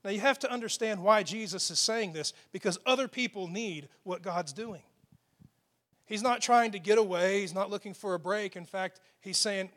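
High-voiced man preaching with emphasis. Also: normal speed. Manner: emphatic preaching, dropping to hushed tones for quoted lines. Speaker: pastor. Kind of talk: sermon. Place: church with a loud PA system.

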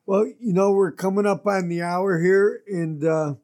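A man's voice: high-pitched, steady tone, a little slow, a little mellow. A man hosting a casual interview, asking easygoing questions. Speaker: host.

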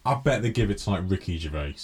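A man's voice: low voice, lively intonation, fast talker, slightly rough. A man co-hosting a casual podcast, reading a news item aloud and then joking with his co-host. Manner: reads news aloud, then jokes and acts out skits. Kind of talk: casual chat.

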